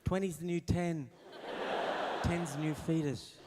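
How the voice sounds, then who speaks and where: A man's voice: fairly high pitch, fairly even intonation, measured pace, heavy background noise. Wry Australian man doing stand-up. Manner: wry, acts out voices, chuckles at own lines. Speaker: stand-up comedian. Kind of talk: stand-up routine. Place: live show on stage.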